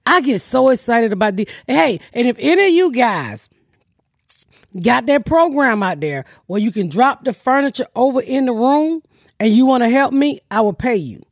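A woman's voice: on the high side, lively intonation, moderate pace, dry recording, clean studio sound. A woman podcast host telling brash, profane stories in casual comedic chat, acting out the people she quotes.

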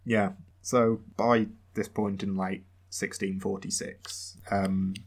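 A low-pitched man recounting history on a podcast. He rambles a little and drops in dry, wry asides. His delivery is loose, casual storytelling. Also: little pitch movement, takes it slowly, slightly rough. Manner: rambling, wry, with frequent fillers.

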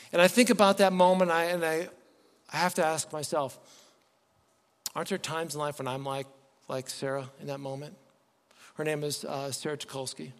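Preaching man in a reverberant church. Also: on the high side. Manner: animated, swings between loud emphatic lines and quiet soft ones. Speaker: pastor. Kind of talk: sermon. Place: church sanctuary. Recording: long hall reverb.

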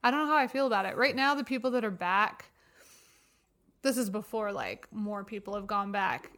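Chatting casually as a podcast co-host, this young woman laughs easily and leans heavily on "like." Her mid-range voice is animated and a bit bright, moving at a moderate pace.

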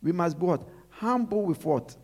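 A man's voice: high-pitched, lively intonation, normal speed, a little mellow. A male preacher giving a sermon, repeating his points with emphasis and asking the congregation to finish his sentences.

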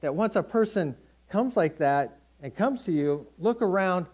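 Middle-aged male preacher, conversational sermon, mellow slightly high voice, folksy anecdotes. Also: expressive, unhurried.

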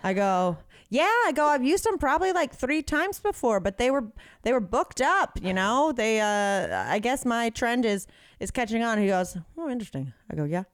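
A woman co-hosting a chatty podcast, swinging her voice up and down as she tells a story and acts out the people in it. Her voice sits a bit high. It sounds close and dry, with no room around it. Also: normal speed, clear, resonant tone, dry recording. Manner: animated storyteller who acts out quoted people. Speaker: podcast co-host. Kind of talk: casual chat.

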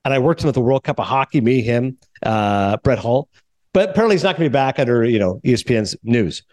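A man from Canada hosting a podcast, telling stories in a lively way and acting out what others said. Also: mid-range voice, fast talker. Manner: animated storyteller, acts out quotes. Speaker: podcast host. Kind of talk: casual sports and film chat.

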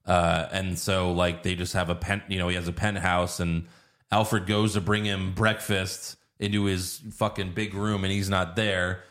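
Low-voiced man recapping a movie. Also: flat delivery, measured pace, fairly bright tone. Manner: swears freely, acts out quoted lines in silly voices. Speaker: podcast host. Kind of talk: casual movie-recap chat.

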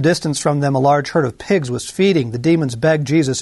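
A male pastor giving a sermon in a conversational way, full of asides and tag questions, slowing down for emphasis and then speeding up. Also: on the high side, darkish tone, dry recording. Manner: shifts between slow emphasis and quick runs.

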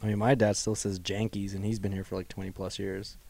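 A man's voice: lowish voice, level tone, fast, gravelly, mellow, slight background noise. A young man chatting casually with friends, laid-back with short remarks. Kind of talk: casual chat.

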